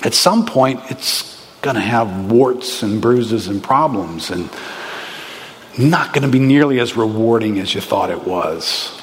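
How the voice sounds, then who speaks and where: A man preaching a sermon in a lively, conversational way, with bursts of excitement. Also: lowish voice, unhurried, slight background noise. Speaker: pastor. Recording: reverberant hall with faint ambience.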